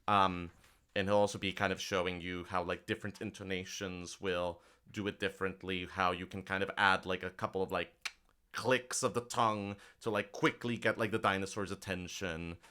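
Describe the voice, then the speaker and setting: A man's voice: sits low, flat delivery, normal speed, bright, forceful tone, clear, resonant tone. A man running a tabletop game as game master, talking loosely with many fillers and hedges.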